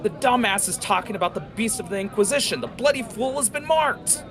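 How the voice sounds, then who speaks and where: A man's voice: on the high side, sing-song, music in the background, a crowd in the background, pitched above the performer's own voice. A man voicing a wisecracking male tiefling rogue who mocks his friends. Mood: alarmed. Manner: mocking, quick-tempered, jeering.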